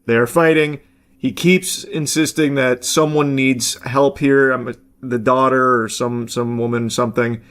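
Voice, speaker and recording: A man's voice: medium pitch, fairly even intonation, a little slow, a bit bright, clear, resonant tone. A man giving blunt, casual reaction commentary, talking loosely with plenty of fillers.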